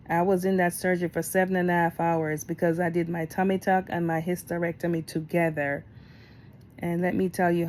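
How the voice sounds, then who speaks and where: A middle-aged woman talking candidly in a storytime vlog, getting animated as she retells events. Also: on the low side, a little hiss or hum. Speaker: vlogger.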